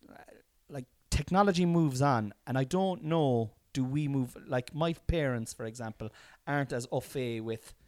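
A man's voice: medium pitch, normal speed, darkish tone, no room sound, clean studio sound. A man, a father and podcast co-host, chatting in a reflective, rambling way with frequent restarts. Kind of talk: casual chat.

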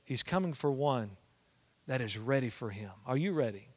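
A man, a pastor preaching and telling a family story, swinging between loud and hushed. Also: mid-range voice, expressive, moderate pace, breathy edge. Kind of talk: sermon with personal storytelling.

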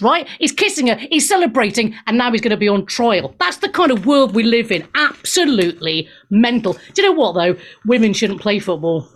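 A woman hosts a talk radio show from a studio mic. Her voice sits fairly high, and she is brash and irreverent, laughing and swearing as she reacts to the news. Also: expressive, normal speed. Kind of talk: opinionated news chat.

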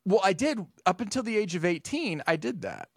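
A man co-hosting a loose, casual podcast. His voice is a bit high and gravelly, and he tells rambling stories laced with swearing. The sound is dry and close. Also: brisk, no echo. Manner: rambling storyteller, swears often, animated retellings. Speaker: podcast co-host.

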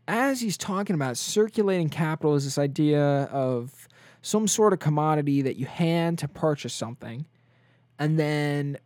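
A young man co-hosting a podcast, chatting casually and telling animated stories full of filler likes. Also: fairly high pitch, no echo. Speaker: podcast co-host. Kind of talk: casual chat.

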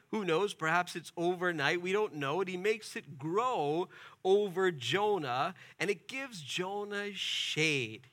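A male preacher with a high, bright voice tells a scripture story like a storyteller, lively and conversational. He drops little asides and rhetorical questions as he goes, never stiff. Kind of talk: expository sermon.

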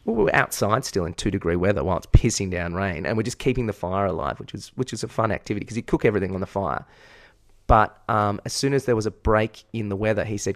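A man's voice: lowish voice, quick pace. An Australian man, a podcast co-host and part-time teacher, telling a rambling, self-mocking story in casual chat and swearing freely.

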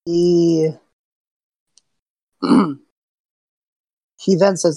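A woman game master narrating a tabletop game, describing scenes and often clearing her throat. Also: fairly low pitch, normal speed, darkish tone, dry recording.

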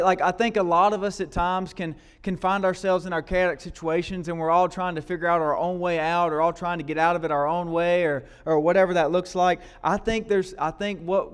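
A man's voice: high voice, fairly even intonation, a little fast, few pauses, clean tone. A man preaching a sermon to a congregation in a loose, conversational way. He often adds "right?" to his lines and repeats his words. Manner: questions and prompts the congregation. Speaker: guest preacher. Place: church service before a congregation.

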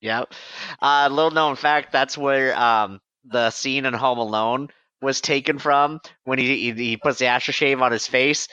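A man's voice: mid-range voice, steady tone, measured pace, sharp tone, smooth, no room sound, dull audio. A man co-hosting a comedy podcast, eagerly playing along with the improvised bit. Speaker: podcast co-host.

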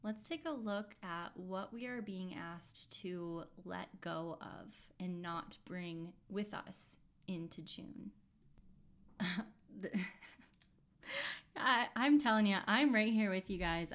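A woman hosting a podcast and giving an intuitive reading in a casual, chatty monologue, earnest and reassuring, full of fillers and restarts. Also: mid-range voice.

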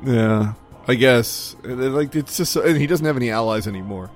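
A man in casual chat, explaining a story in a relaxed, filler-heavy way. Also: mid-range voice, moderate pace, faint music behind. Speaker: podcast co-host.

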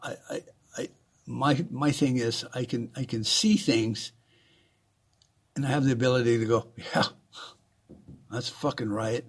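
A man's voice: medium pitch, steady tone, normal speed, pauses often. A man hosting a podcast, delivering a blunt political rant full of swearing, repeated words and mocking asides. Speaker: podcast host.

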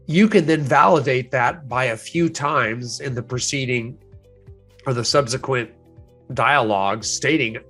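A man giving an instructional talk on sales and negotiation, animated, acting out the voices he quotes and chuckling now and then. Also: mid-range voice, measured pace, soft background music.

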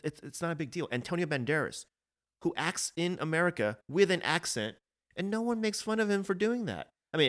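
A man's voice: medium pitch, a bit bright. A man co-hosting a podcast, giving his opinions in a casual, earnest way and often repeating words as he starts a point. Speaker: podcast co-host.

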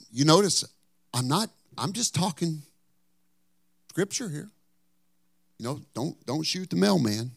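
A man preaching a sermon, telling a story and then pressing his point, at times rising to loud outbursts and at times dropping to a whisper. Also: fairly high pitch, lively intonation, takes it slowly, creaky, pauses often, breathy edge, dry recording, studio quality. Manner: drops to a whisper for emphasis. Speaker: pastor.

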